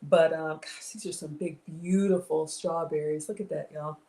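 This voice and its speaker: A woman's voice: deep voice, steady tone, moderate pace, dark tone, roomy sound. A middle-aged woman, hosting a live cooking stream and chatting casually with viewers, reading their comments aloud. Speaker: livestream cooking host. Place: home kitchen.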